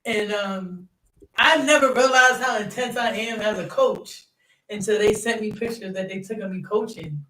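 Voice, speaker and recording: A young man, a youth basketball coach and third-grade teacher, telling stories in an animated, chatty way, laughing often and using lots of fillers. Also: high voice, moderate pace, recorded from a distance, slight background noise. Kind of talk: casual interview chat. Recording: roomy sound from off-mic.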